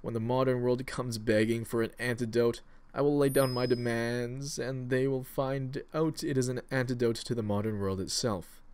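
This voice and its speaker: A man's voice: fairly even intonation, normal speed, hardly any pauses, a little hiss or hum, natural voice. Silky, seductive, speechifying villain, voiced by a man. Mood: rabble-rousing. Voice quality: deep, silky and almost seductive. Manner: pompous, speechifying, grows louder. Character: silky, menacing male villain with grand plans.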